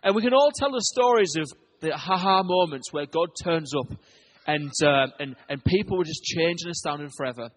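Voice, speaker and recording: A man preaching a sermon to his church, telling stories and swinging between loud urgent lines and hushed ones. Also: fairly high pitch, lively intonation, normal speed, slight background noise. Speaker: pastor.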